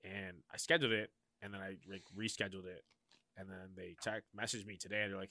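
A man's voice: low-pitched, steady tone, quick pace, sharp tone, no room sound. A man co-hosting a podcast, rambling and swearing in casual banter, laughing often.

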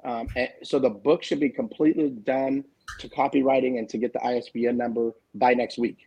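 A man's voice: mid-range voice, fairly even intonation, fairly quick, vocal fry, darkish tone, husky, rough recording. A man in his forties talking candidly and emphatically in a casual panel chat, swearing freely as a guest author. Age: 40s.

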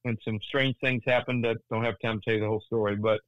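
A man in his sixties, a Christian author, telling a story earnestly in an interview, often restarting his sentences and rising in pitch at tense moments. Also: little pitch movement, fast, dry recording, muffled recording.

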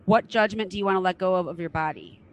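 A woman's voice: fairly low pitch, fast talker, rough recording. A middle-aged woman hosting a casual interview podcast, frank and enthusiastic and swearing now and then. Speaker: podcast host.

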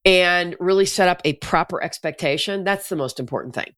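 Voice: medium pitch, a little fast, a bit bright. A podcast host asking follow-up questions in a casual, agreeable way and often checking in with "right?".

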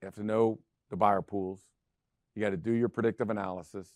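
A middle-aged man hosting a real estate show speaks a little fast in a fairly low, darkish voice with fairly even intonation. His casual monologue drives points home with emphatic repetition, and the clean studio recording has no room sound.

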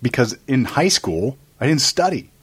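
A man's voice: medium pitch, sing-song, moderate pace, slightly rough, no echo. A man in his forties, a lawyer hosting a casual chat, rambling through stories with quoted asides. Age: 40s. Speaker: lawyer and podcast host.

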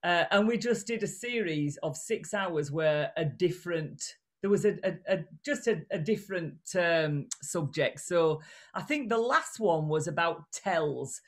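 A woman's voice: on the low side, a little slow. A woman with a regional British accent, a communication coach speaking as a guest in a casual interview over a video call, blunt and chatty. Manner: animated, blunt, chatty with restarts.

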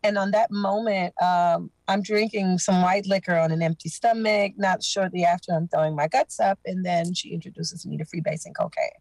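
A woman with a fairly low voice tells her life story as a guest on a podcast. She speaks earnestly and with emotion, and her voice sounds close and dry with little room sound. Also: steady tone, moderate pace, hardly any pauses, darkish tone, no room sound, poor audio. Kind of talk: personal testimony.

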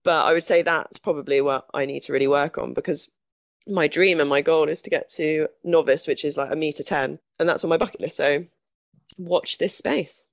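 A woman's voice: sits low, fairly even intonation, normal speed, no room sound. A woman guest speaking candidly in a conversational interview, chatty and self-deprecating, restarting her sentences often.

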